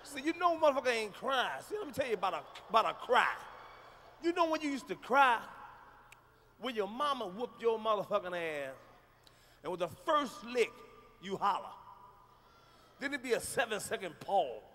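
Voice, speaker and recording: A man doing a loud, profane, animated stand-up comedy routine on a live stage. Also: sits high, moderate pace, slight background noise.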